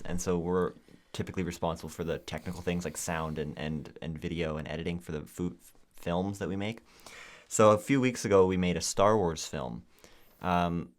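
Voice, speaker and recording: A young man co-hosting a podcast, chatting casually and acting out quotes as he tells stories. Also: low voice. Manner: animated storyteller, acts out quotes. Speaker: podcast co-host. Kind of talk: casual chat.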